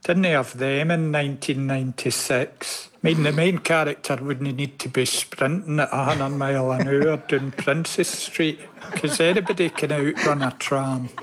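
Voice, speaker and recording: Dude cracking a dry joke, slightly high voice, takes his time. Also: steady tone, moderate pace, a crowd in the background. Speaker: comedy panelist.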